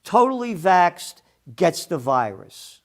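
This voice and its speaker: A man's voice: sits high, big pitch swings, slow. A man hosting an opinionated news commentary show, blunt and sarcastic, with profane heated outbursts. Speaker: host of a trends commentary show.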